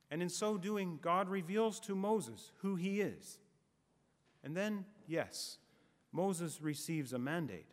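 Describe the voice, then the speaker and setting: A man preaching a sermon in a measured, emphatic way, letting his phrases fall away at the ends. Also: on the high side, long reverb tail.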